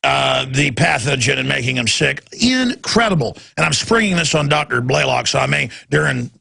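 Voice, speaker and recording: This male talk radio host has a heavily gravelly, raspy voice pitched a touch high for a man, with a forceful, bright edge. Animated and at a moderate pace, he rants through a monologue and slips into the voices of the people he quotes.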